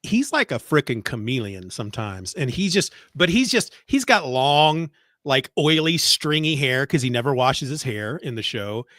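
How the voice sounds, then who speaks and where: A man's voice: medium pitch, big pitch swings, normal speed, fairly bright tone, no echo, studio quality. A middle-aged man co-hosting a podcast, chatting casually and rambling, a bit congested, swearing freely as he retells scenes with animation. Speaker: podcast co-host. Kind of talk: casual chat. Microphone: remote call mic.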